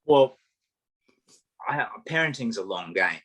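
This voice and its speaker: An Australian man talking casually as an interview guest, an animated storyteller with self-mocking humour. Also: medium pitch, slow, breathy edge, low-quality recording. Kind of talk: casual conversation.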